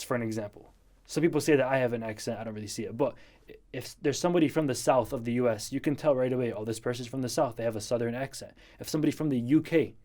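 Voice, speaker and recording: A man speaks straight to a viewer, giving blunt advice in a relaxed, mellow voice. His pitch sits right in the middle, and he talks earnestly, repeating key points for emphasis without softening them. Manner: blunt, tells it like it is.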